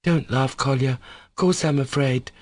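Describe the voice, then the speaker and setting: A fearful, pleading schoolboy with a thin, high voice, as a man puts him on. He sounds worried and asks to be spared trouble, recorded close and dry. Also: normal speed, darkish tone, no room sound, natural voice. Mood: nervous. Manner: pleading, nervous. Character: timid anxious schoolboy, fearful of his father.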